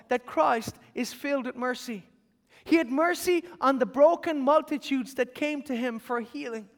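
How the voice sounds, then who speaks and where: A man preaching a sermon, reading scripture and building to fervent, shouted calls of amen and hallelujah. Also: very high-pitched, long reverb tail.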